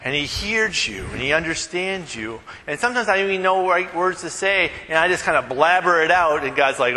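A man preaching a casual, conversational sermon, animated and joking with the congregation. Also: a little high, fairly quick, hardly any pauses, big-room sound, a little hiss or hum, low-quality recording. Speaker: pastor.

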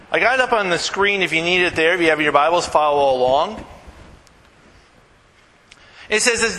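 Animated, bright-voiced male pastor preaching. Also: high voice, in a large hall, rough recording. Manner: conversational, animated, joking asides. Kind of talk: sermon.

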